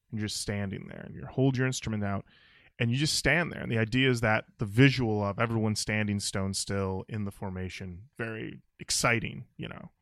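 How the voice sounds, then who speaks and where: A man hosting a podcast, telling stories in a jokey, animated way. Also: fairly low pitch, creaky, no echo, studio quality. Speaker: podcast host. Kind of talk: casual podcast chat and storytelling.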